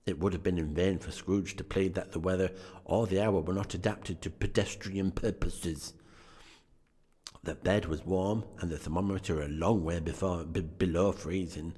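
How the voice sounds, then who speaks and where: A man's voice: low-pitched, moderate pace, a little mellow, husky. A man casually reading a classic story aloud, stumbling and correcting himself with chatty asides. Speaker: reader. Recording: long hall reverb.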